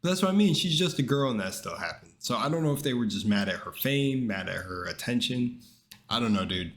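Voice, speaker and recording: A man's voice: mid-range voice, lively intonation, brisk, a bit bright. A man chatting casually while reacting to a video, in a laid-back, rambling way full of slang and restarts.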